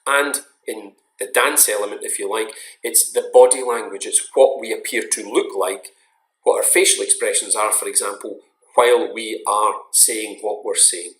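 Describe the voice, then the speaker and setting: A man giving a recorded online lecture in a measured, explanatory way, stressing key words. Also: lowish voice, fairly even intonation, a bit bright. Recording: roomy echo.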